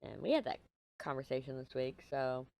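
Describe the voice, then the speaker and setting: A woman's voice: a bass voice, animated, normal speed, gravelly, darkish tone, no echo. A middle-aged woman from Texas with a Texan accent, chatting casually while she crafts. She rambles from topic to topic, swears offhandedly, and sounds a little stuffy. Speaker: craft vlogger.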